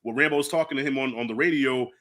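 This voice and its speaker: Bright-voiced, animated man hosting a movie chat. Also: medium pitch, very fast. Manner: animated, swears freely, acts out lines from the film. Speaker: channel host. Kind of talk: casual movie review chat.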